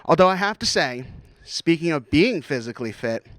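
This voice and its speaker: A man's voice: on the high side, sing-song, moderate pace, a bit bright, no room sound. A young man doing a stand-up routine in a college TV studio. He mocks himself and laughs at his own jokes. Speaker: stand-up comedian.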